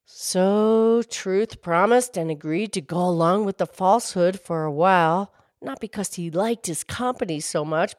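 Slow, expressive woman storyteller. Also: medium pitch, no room sound, clean studio sound. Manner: expressive, measured. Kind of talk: storybook reading.

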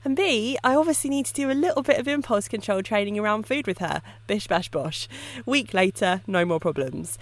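A woman hosting a casual solo podcast on dog training, telling stories in a lively way and often laughing. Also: medium pitch, brisk. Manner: lively storytelling with frequent laughs.

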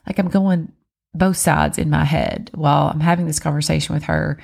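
A woman in her thirties with a low voice tells a story from her own family life. Her tone has a gravelly fry running through it, and she talks in a chatty, animated way, acting out the lines of the people she quotes. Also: moderate pace. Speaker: mother of four. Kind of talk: casual personal storytelling.

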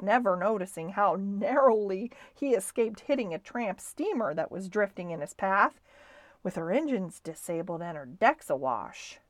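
A woman reading a classic children's book aloud with an expressive, lively delivery. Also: mid-range voice, moderate pace, dry recording. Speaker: storybook reader.

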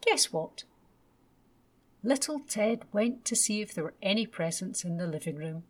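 A woman gently and expressively reading a children's bedtime story aloud. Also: mid-range voice, expressive, measured pace.

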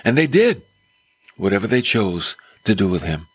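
A man's voice: fairly low pitch, sing-song, moderate pace, husky. A male preacher giving a conversational sermon, full of rhetorical questions.

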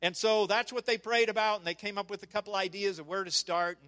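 High, bright-voiced man preaching a story. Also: quick pace. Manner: animated, with frequent "okay?" asides to the audience. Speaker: speaker on church outreach. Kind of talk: storytelling sermon. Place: church service before a congregation.

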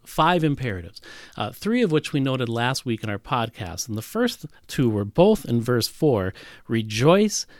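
Male pastor, lively sermon voice, dry close recording, emphatic teaching. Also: medium pitch, no room sound. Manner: animated Bible teaching with emphatic repetition.

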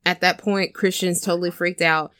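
A woman casually chatting and retelling a film scene, animated and storytelling. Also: fairly low pitch, moderate pace, no echo, clean studio sound. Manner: chatty, animated storyteller who acts out quotes. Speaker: podcast co-host. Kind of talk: casual chat recapping a film.

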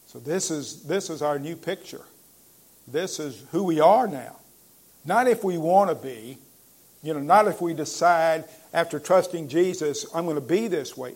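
A pastor delivering a sermon in a fairly high, gravelly voice. He preaches emphatically, pauses often on "uh", and slows right down when reading scripture aloud. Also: lively intonation, darkish tone.

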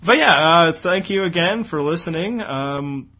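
Bright, husky-voiced joking podcast man. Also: fairly high pitch, unhurried, dull audio. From Canada. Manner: joking, animated storytelling. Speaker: podcast co-host. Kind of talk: casual chat.

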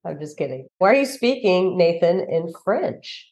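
Low-voiced female co-host, playful and teasing. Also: very animated, normal speed, a little mellow. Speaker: podcast co-host. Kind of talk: casual movie review chat.

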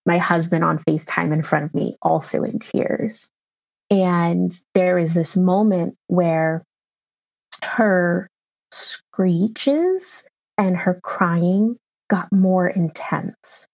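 A woman in her thirties, a mother recounting a hard experience in an interview, emotional and halting with many pauses and fillers. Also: fairly low pitch, gravelly, darkish tone. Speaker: mother telling her story. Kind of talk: personal account in an interview.

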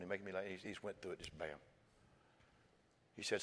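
A male pastor preaching a sermon, telling a story with quoted dialogue, slow and emphatic. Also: low voice, in a large hall. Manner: storytelling, builds to shouting climax.

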